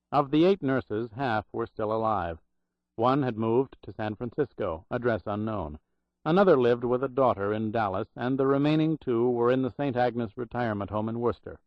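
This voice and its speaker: A man narrating an audiobook in a measured, even reading voice, on a dull, dry recording. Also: on the low side, dry recording. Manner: measured, even reading; plays the protagonist in his own voice. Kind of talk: scripted narration.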